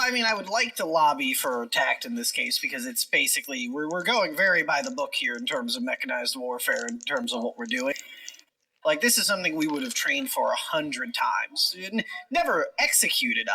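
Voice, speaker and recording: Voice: medium pitch, sharp tone, recorded from a distance, poor audio. A tabletop game player who thinks aloud and explains tactics at length. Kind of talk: tabletop role-play chat.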